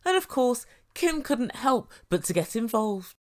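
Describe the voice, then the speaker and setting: A woman's voice: a little high, sing-song, measured pace. A woman giving sarcastic commentary on a reality TV show as a reviewer. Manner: sarcastic, mimics the people she quotes.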